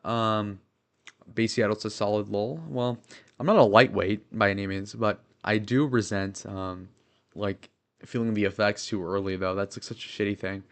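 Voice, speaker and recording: A man's voice: on the low side, steady tone, normal speed. A young man in his twenties chatting casually on a livestream, rambling with lots of fillers and swearing. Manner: rambling, filler-heavy, profane.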